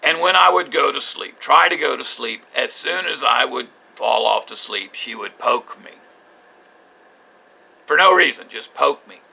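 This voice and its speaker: An older man recounting his marriage in a bitter, halting spoken journal, with frequent restarts. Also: mid-range voice, animated, gravelly, sharp tone, husky.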